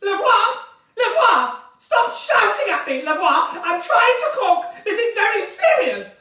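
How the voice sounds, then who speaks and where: Woman impersonating a shrill, bossy posh cook. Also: big pitch swings, a little slow, distant mic, exaggerated voice. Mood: bossy, shouting. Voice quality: shrill, shouting. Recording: roomy sound from a mic set back.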